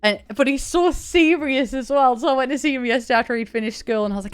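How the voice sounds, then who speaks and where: A woman's voice: on the high side, fast talker, few pauses, soft background music. A young woman chatting casually on a live stream, thanking viewers by name and laughing often. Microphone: desk mic, camera on.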